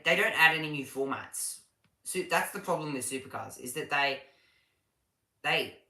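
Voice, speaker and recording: A man talks through a live race session in a loose, chatty way, stumbling and restarting his sentences as he answers viewers. His voice is bright and forceful. The sound is roomy, with a clear echo from the space around him. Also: a little high. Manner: chatty and halting, with frequent restarts while reading chat. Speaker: livestream race commentator. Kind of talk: casual live watch-along commentary.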